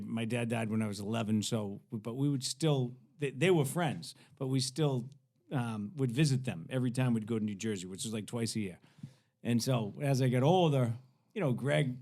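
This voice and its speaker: A man in his forties, a podcast guest, telling a story casually in a rambling, profane, animated way with many restarts. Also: medium pitch.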